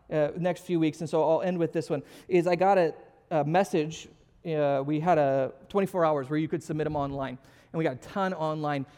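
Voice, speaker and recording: A man's voice: a little high, big-room sound. A man preaching a casual sermon as a pastor, conversational and self-deprecating, joking with his audience.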